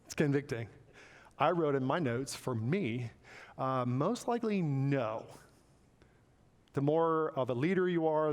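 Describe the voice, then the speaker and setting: Animated man preaching in a reverberant hall. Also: medium pitch. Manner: animated, acts out quoted voices, jokey asides. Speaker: pastor. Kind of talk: sermon. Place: church sanctuary.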